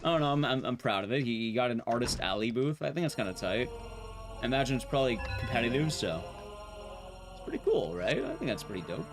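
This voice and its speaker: A man's voice: mid-range voice, very animated, fast. A man streaming a speedrun, rambling casually and profanely to his chat. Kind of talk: casual live-stream commentary while gaming. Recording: game music behind.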